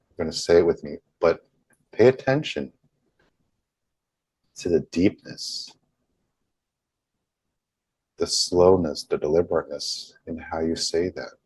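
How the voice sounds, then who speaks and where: A man leading a group healing session over a video call, speaking slowly and deliberately and softly repeating affirmations. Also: low voice, husky, no echo.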